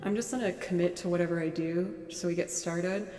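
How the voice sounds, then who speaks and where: A woman's voice: lowish voice, steady tone, a little fast, warm tone, faint music behind. A young woman musician chatting casually on a livestream, thinking aloud and poking fun at herself while she has bronchitis.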